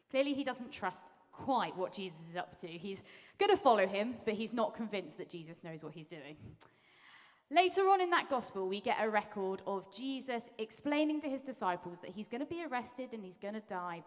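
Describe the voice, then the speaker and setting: A woman preaching to a congregation in a church hall, chatty and animated as she retells a story. Her voice sits in a middling register. A long reverb trails after her words. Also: medium pitch, normal speed. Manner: lively storytelling, acting out quotes in voices. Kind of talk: conversational sermon.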